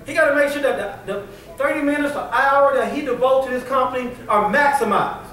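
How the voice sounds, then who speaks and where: High-voiced man in an echoey hall. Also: brisk, far from the mic. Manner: animated, colloquial, quizzes the audience. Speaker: sales trainer. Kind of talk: motivational training talk.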